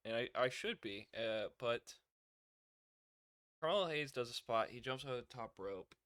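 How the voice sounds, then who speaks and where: A young man giving a casual wrestling show review, chatty and quick to laugh, acting out what people said. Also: medium pitch, pushed and bright, clear, resonant tone, no room sound, studio quality. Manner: chatty, laughs often, acts out quotes.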